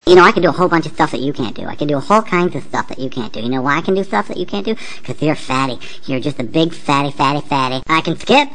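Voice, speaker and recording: A woman voicing a hyperactive, taunting, foul-mouthed cartoon character who talks in rapid, mocking, sing-song jabs. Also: sits low, expressive, slight background noise. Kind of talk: cartoon voice acting.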